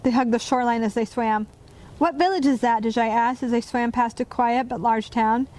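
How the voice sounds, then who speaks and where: A woman narrating a children's storybook in a gentle, even read-aloud manner. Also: a little high, brisk.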